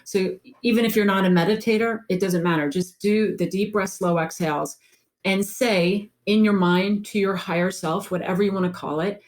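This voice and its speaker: A woman's voice: medium pitch, fairly even intonation, moderate pace, darkish tone. A woman life coach answering interview questions in an earnest storytelling way, repeating phrases for emphasis.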